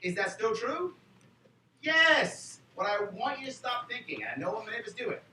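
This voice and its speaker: New man, high bright voice, joking convention speaker, miked from afar in an echoey hall. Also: moderate pace. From New York City. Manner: animated, joking, fires rhetorical questions at the crowd. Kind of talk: political convention speech. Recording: echoey hall, far from the mic, faint noise.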